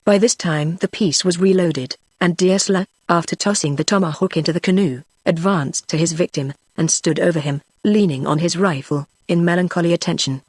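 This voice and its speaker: A text-to-speech voice narrating a classic novel in an even, measured computer reading. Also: mid-range voice, no room sound. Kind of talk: synthetic audiobook narration.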